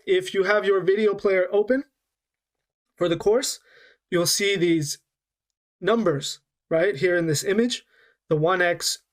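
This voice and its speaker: A man teaching a recorded online English course, patiently slowing down to demonstrate and checking in with frequent "okay?". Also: high-pitched.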